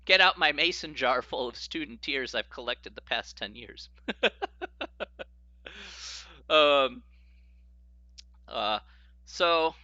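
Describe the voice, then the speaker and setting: A man's voice: fairly high pitch, very animated, a little slow, long pauses, pushed and bright, no echo, lo-fi sound. A man teaching a live-streamed logic lesson, often laughing as he explains and reacts to viewer chat. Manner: giggly, keeps breaking into laughter while explaining.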